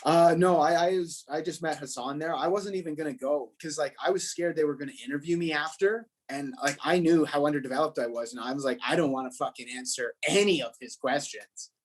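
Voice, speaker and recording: A man's voice: on the high side, fast talker, hardly any pauses, a little hiss or hum. A young adult man, a stand-up comedian, chatting loosely on a podcast and telling rambling stories with plenty of swearing. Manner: loose and profane, rambling storyteller. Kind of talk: casual podcast chat.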